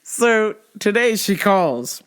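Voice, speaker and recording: A woman hosting a podcast who tells a comic story in an animated way, laughing often and swearing freely. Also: medium pitch, slow pace, clean tone. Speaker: podcast host.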